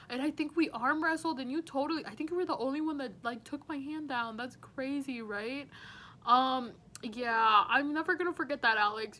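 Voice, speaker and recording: A teaching assistant in her twenties records a warm, chatty farewell message packed with "you know" and "like." Her voice sits on the high side, with slight background noise behind it.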